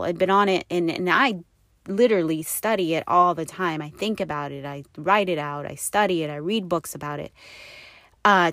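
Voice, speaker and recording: A woman's voice: fairly low pitch, fairly bright tone, dry recording, clean studio sound. A woman sharing a personal story in a candid, rambling way, often laughing, with frequent fillers and self-corrections.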